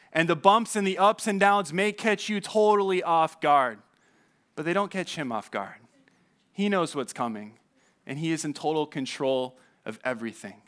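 A man preaching a sermon as pastor, conversational and animated, often asking his listeners questions and dropping low and quiet on key points.

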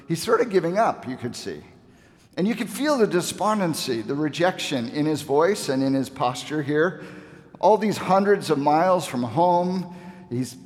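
Preacher man in a reverberant hall. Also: a little high. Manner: expository, with rhetorical questions. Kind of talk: sermon.

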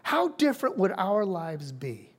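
A woman delivers a sermon in an even, middle-pitched voice. She preaches with emphasis, circling back and repeating phrases to drive each point home. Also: unhurried.

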